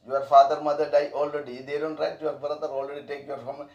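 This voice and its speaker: Male spiritual teacher, broken repetitive English, slightly high gravelly voice. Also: little pitch movement, fast talker, a little mellow, recorded from a distance, lo-fi sound. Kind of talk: informal spiritual talk. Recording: echoey room, voice off-mic.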